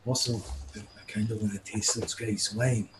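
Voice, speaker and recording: A male tabletop player chatting in character, wry and joking, with a fairly low voice. A faint hum of room ambience runs underneath. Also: steady tone, normal speed. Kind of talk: casual in-character chat.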